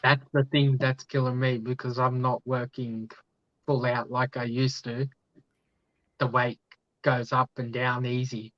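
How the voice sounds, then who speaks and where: A man's voice: mid-range voice, level tone, unhurried, a bit bright, no room sound. A man chatting casually in short, easygoing replies. The recording is dry and close, with a dull, muffled top end. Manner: brief agreeing replies. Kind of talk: casual chat.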